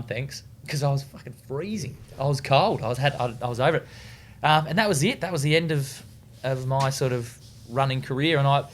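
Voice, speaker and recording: There's a little hiss or hum behind this medium-pitched male voice. The retired distance runner, with his Australian accent, relaxes into storytelling during a casual interview, swearing plenty and stumbling through fillers and restarts.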